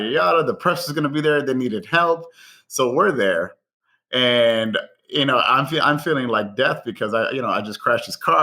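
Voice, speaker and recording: A man from Guatemala, a chef guest on a podcast, telling anecdotes in an excitable way, acting out quoted voices and laughing often. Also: mid-range voice. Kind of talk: animated anecdotal storytelling.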